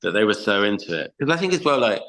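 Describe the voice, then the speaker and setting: A man's voice: on the low side, big pitch swings, fast, a bit bright, low-quality recording. A man guesting on a podcast, telling stories in a casual, chatty way with lots of fillers and some swearing. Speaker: podcast guest, band frontman. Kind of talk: casual storytelling chat.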